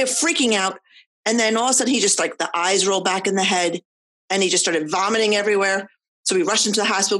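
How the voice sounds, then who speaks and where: A mother in casual chat, telling family stories in an animated way with many fillers. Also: mid-range voice.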